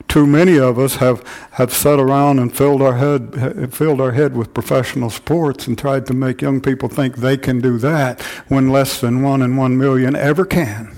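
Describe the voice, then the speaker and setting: An older man preaching a sermon to his church, repeating phrases and rising in fervor as he drives each point home. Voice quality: grows louder and higher when stirred. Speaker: pastor.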